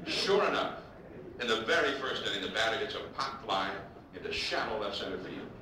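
A baseball broadcaster tells animated anecdotes to a live audience, acting out quotes briskly with a pitch that rises and falls a lot. He's picked up from a distance in a very echoey hall, with steady hiss and audience laughter behind him.

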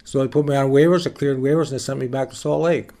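A man being interviewed, telling stories from his years as a baseball pitcher in a relaxed, folksy way with some plain swearing. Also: fast talker, gravelly. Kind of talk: casual storytelling interview.

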